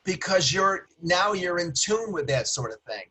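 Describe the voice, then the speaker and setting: A middle-aged man who talks fast and animated, teaching sales skills on a video call. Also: high voice, husky, rough recording. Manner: fast-talking, animated, with hand gestures. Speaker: guest trainer on a webinar. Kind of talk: casual webinar teaching.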